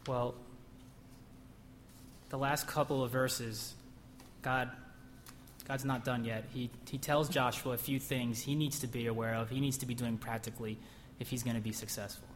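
A man's voice: mid-range voice, steady tone, normal speed, slight background noise. A young man preaching a conversational sermon who sometimes bursts into emphasis. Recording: echoey hall, faint ambience.

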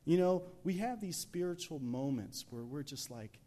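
A man preaching a sermon in a church, lively and conversational, acting out scenes, swinging from shouts to whispers, with many "you know"s. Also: on the high side, moderate pace.

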